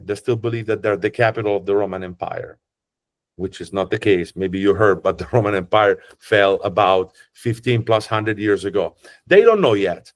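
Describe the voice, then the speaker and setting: A man with an Italian accent, a tour guide who explains in a chatty, joking way with frequent restarts. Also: fairly low pitch. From Italy. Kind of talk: casual explanatory talk.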